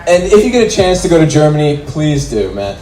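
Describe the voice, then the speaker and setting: A man's voice: fairly high pitch, fairly quick. A man in his twenties performing a stand-up comedy set on a club stage, acting out the voices in his stories. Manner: animated, acts out voices in quotes. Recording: roomy club with faint noise.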